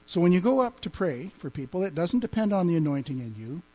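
A man's voice: fairly high pitch, very animated, quick pace, hardly any pauses, a little mellow, poor audio. A man teaching as a pastor, speaking conversationally, quoting scripture and chuckling now and then. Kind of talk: teaching on healing and faith.

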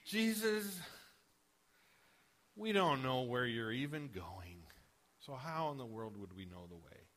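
A man's voice: mid-range voice, lively intonation, slow pace, pauses often, fairly bright tone, pitched below the performer's own voice. A man doing an exasperated sarcastic disciple. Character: frustrated sarcastic male disciple.

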